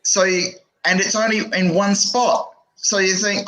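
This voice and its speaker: A man's voice: sits high, a little slow, low-quality recording. A man co-hosting a casual chat, telling stories with frequent laughter. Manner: animated storyteller, laughs often. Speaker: podcast co-host.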